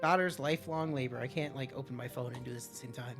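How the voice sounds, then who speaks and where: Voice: mid-range voice, steady tone, quick pace, gravelly, hardly any pauses, faint music behind. A streamer chatting casually and swearing freely while playing a game live, often breaking off mid-sentence. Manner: profane, rambling, self-interrupting.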